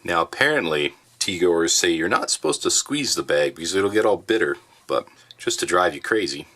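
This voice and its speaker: A man casually reviewing military rations in his basement, chatty and relaxed with plenty of fillers. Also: low voice, normal speed. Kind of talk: casual food review vlog. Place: home basement.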